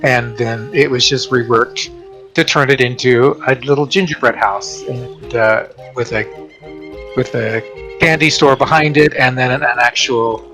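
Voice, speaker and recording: Male co-host, mid-pitched, relaxed explainer, casual and unhurried. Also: soft background music, poor audio. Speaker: guest builder. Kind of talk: casual chat explaining a build.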